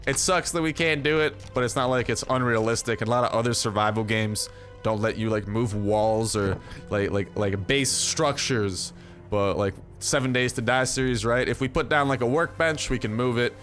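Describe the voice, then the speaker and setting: A man's voice: medium pitch, normal speed, fairly bright tone. Young male gaming YouTuber, loose filler-heavy jokey delivery, faint music bed underneath. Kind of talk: casual gameplay commentary.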